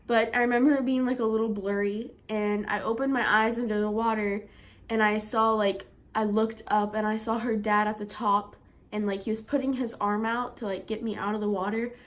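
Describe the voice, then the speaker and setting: A young woman vlogger telling a story in a chatty way, with lots of fillers, and getting animated when she quotes herself. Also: medium pitch, brisk. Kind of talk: storytime vlog.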